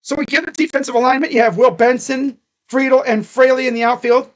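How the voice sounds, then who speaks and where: A man calling a ball game live as a fan from his room at home, excitable, chatting to viewers and shouting at the players. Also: very high voice, brisk. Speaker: fan streamer calling play-by-play. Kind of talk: live fan reaction and play-by-play. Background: dogs barking.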